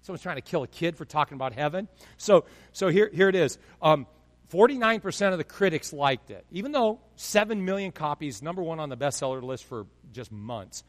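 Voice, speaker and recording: A male pastor preaching a sermon in an animated storytelling way, swinging between loud bursts and hushed asides. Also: a little high, brisk, in a large hall.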